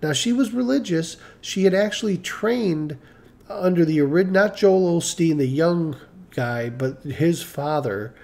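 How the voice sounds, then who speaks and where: Mellow-voiced man telling a long story. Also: on the high side, lively intonation, measured pace. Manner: rambling, repeats himself, acts out quoted voices. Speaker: live stream host. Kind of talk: casual storytelling.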